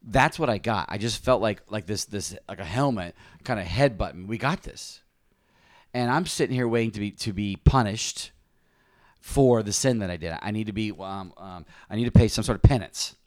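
Pastor, male, lowish voice, earnest confessional testimony, dry close sound. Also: moderate pace, a little mellow, no room sound. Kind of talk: personal testimony in conversation.

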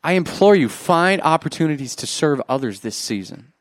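A man preaching a sermon, animated and joking with the congregation, swinging from loud bursts to quiet asides. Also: on the high side, moderate pace, no echo, studio quality. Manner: jokes with the congregation.

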